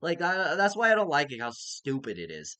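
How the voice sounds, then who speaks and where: A man's voice: on the high side, wildly swooping pitch, a little fast, sharp tone. A man casually reviewing a TV show, rambling and hedging, with casual swearing.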